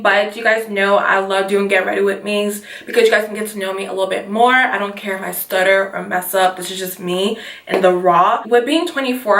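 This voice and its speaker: A woman's voice: mid-range voice, gravelly, fairly bright tone, roomy sound, distant mic. A woman in her twenties, from Nigeria, talking casually and rambling through a get ready with me vlog. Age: 20s. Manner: casual, rambling, keeps saying you guys. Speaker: beauty vlogger.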